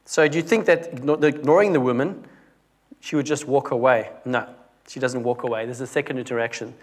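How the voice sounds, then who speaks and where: A young man preaches a conversational sermon in a medium-pitched, fairly bright voice at normal speed. He tends to restart and often drops his volume dramatically for emphasis.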